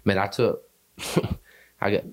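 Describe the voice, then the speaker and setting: A man's voice: fairly low pitch, flat delivery, slow pace. A man hosting a podcast, telling a hunting story in a rambling, casual way with many fillers. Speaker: podcast host. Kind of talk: casual chat.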